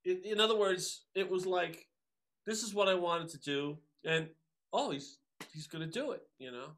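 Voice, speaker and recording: A man's voice: sits high, normal speed, fairly bright tone. A man from the New York area, a guest musician, telling stories casually with lots of fillers and acted-out quotes. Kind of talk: casual storytelling.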